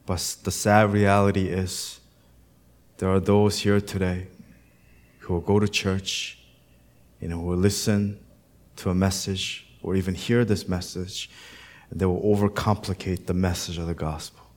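A man's voice: deep voice, flat delivery, unhurried, a little mellow. A man, a pastor, preaching a sermon in a conversational way with storytelling asides.

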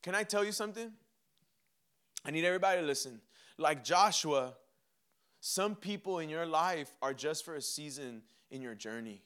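High, bright-voiced animated preacher man. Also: normal speed, clear, resonant tone. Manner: animated, acts out quotes of himself and God; mixes laughter and humor into preaching. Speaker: pastor. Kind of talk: sermon.

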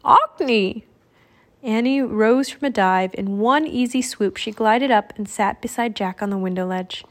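A woman narrating a children's audiobook with clear, expressive storytelling. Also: medium pitch, normal speed. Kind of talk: audiobook reading.

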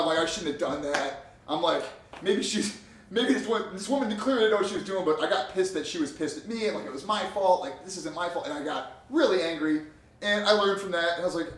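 Young guy ranting fast with lots of swearing, kinda far from the mic, echoey room. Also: on the high side. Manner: profane, animated storytelling. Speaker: podcast co-host. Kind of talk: casual chat. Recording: roomy sound, distant from mic.

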